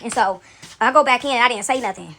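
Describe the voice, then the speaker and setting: A woman's voice: on the high side, fast, a bit bright, slight background noise. A woman casually telling a story to her viewers, chatty and talking straight to them. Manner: chatty, addresses viewers as y'all.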